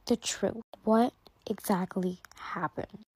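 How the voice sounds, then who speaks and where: A gentle school principal, voiced by a woman, talks in a soft, low, hushed voice. She sounds calm and reassuring. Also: slow, husky, no echo.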